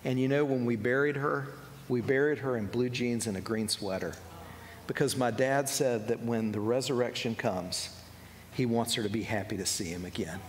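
A male preacher tells a story to a congregation at a mid pitch. He speaks gently and voices each person in the tale. His voice rings with the long reverb of a big meeting hall. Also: normal speed, slight background noise. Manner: gentle storyteller, voices the people in his tale, drops soft and low for tender moments. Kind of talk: sermon storytelling.

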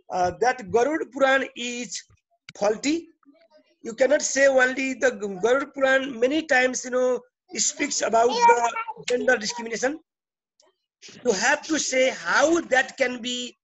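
A man's voice: very high-pitched, a bit bright. Man lecturing with Nepali accent. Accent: Nepali English. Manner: repeats and restarts phrases, checks in with "okay?". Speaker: teacher. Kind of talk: classroom lecture.

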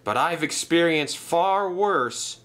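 A man's voice: fairly high pitch, expressive, takes it slowly, a bit bright, pitched above the performer's own voice. A man voicing a good-humoured male engine who speaks politely and with a chuckle. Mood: cheerful.

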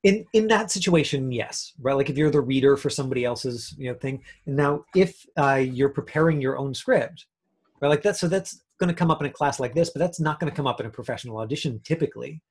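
A man's voice: medium pitch, animated, fast talker, darkish tone, slightly rough. A man teaching an acting class over a video call, in a chatty way with lots of fillers. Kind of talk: casual online class talk.

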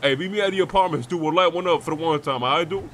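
A man's voice: on the high side, rapid-fire, fairly bright tone, slight background noise. A man in GTA roleplay, brash and mocking, trading street slang on the phone. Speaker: streamer playing his roleplay character.

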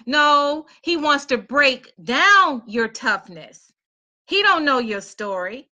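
A middle-aged woman tells a personal story in a lively, animated way and slips into voices for other people. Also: high voice, takes it slowly. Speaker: motivational speaker. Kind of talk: storytelling talk.

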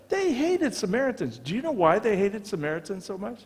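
American pastor preaching in a reverberant church. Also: male voice, high-pitched, fairly quick, few pauses. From United States. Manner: animated storytelling, acts out dialogue. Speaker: visiting pastor. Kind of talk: sermon. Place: church sanctuary.

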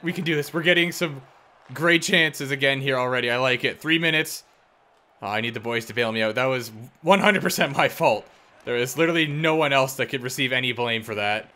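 A young man commentating his own hockey video game play, excitable and self-deprecating, yelling at big plays. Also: medium pitch, a little fast. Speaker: gaming YouTuber. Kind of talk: live gameplay commentary.

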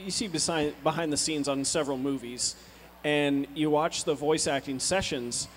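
Guy interviewer at a con, fumbly questions, kinda high voice, hall echo and faint hum. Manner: halting, self-correcting questions. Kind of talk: convention interview. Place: convention hall. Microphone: handheld mic. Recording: reverberant hall with faint background noise.

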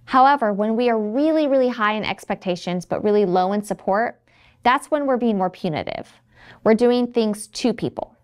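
A woman's voice: a little high, normal speed. Woman narrating a teacher training video. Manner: friendly, acts out quoted phrases. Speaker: trainer for educators. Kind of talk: scripted instructional narration.

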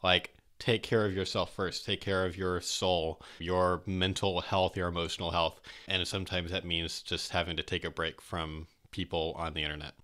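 A man co-hosting a podcast in casual discussion, chatty and quick to laugh, with animated asides. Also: deep voice. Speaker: podcast co-host.

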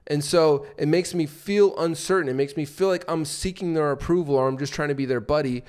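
A man's voice: fairly high pitch, fairly quick, darkish tone, smooth. A man co-hosting a podcast, explaining sales techniques in loose casual talk full of fillers and restarts, often acting out short examples. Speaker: podcast co-host and sales coach.

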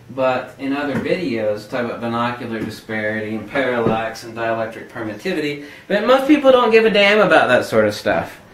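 A man delivers a sardonic, emphatic vlog rant in a fairly high voice. He sits back from the mic in an echoey room, with faint hiss under him. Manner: animated, emphatic, sardonic ranting. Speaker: photography vlogger. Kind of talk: ranting camera-gear vlog. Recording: roomy echo, mic at a distance.

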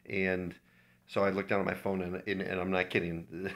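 Low-voiced man giving earnest devotional. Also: flat delivery, normal speed, fairly bright tone. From Minnesota, USA. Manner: earnest, heartfelt personal testimony. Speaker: church devotional speaker. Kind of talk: informal devotional talk.

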